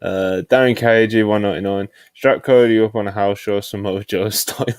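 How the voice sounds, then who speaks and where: A man's voice: on the low side, steady tone, moderate pace, a little mellow, clear, resonant tone, dry recording. A man co-hosting a podcast, reading out donations in a laid-back, offhand, drawling way. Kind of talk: casual chat.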